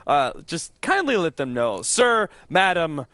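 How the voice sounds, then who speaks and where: A playful man bantering as a game caster, his pitch swinging widely from high to low. His voice sits a little high and sounds dry and close, with no room around it. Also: sing-song, measured pace, a bit bright, dry recording. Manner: playful, laughs often, does silly voices. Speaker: esports caster. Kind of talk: casual banter between casters.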